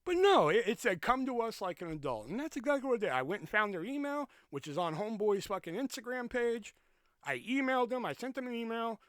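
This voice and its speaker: Animated, profane man ranting. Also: fast talker, clear, resonant tone, no room sound, clean studio sound. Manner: animated, jumps high when quoting himself. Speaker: podcast host. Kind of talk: casual monologue.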